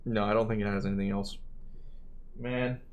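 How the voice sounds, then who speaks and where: Here the streamer sounds fairly low-pitched and fairly even, speaking at normal speed with a lo-fi sound. He's a man in his thirties and a non-native English speaker, rambling casually on his livestream, ending points with "right?" and occasionally cracking his voice.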